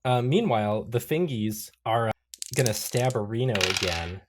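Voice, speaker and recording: A man's voice: medium pitch, animated, normal speed, very noisy. A man running a tabletop role-playing game as game master. He narrates loosely, swears, laughs, and breaks into sudden voices for the characters.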